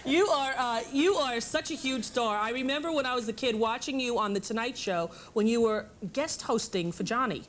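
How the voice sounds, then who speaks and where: A woman's voice: a little high, normal speed, few pauses. A woman in her thirties hosting a talk show, gushing over her guest and laughing often. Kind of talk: chatty interview. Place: TV studio with live audience. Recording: loud studio audience and noise.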